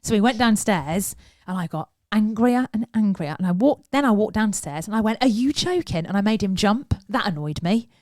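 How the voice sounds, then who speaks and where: A woman's voice: medium pitch, moderate pace, no room sound. An English woman co-hosting a podcast, telling a story in a casual chat and acting out what people said. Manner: animated storytelling, acts out quotes. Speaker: podcast co-host.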